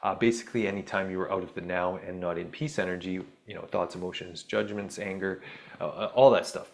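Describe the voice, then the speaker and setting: A man's voice: sits low, steady tone, a little fast, vocal fry. A man hosting a podcast, talking through spiritual ideas in a rambling, self-interrupting way with wry asides. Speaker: podcast host. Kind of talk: casual spiritual monologue.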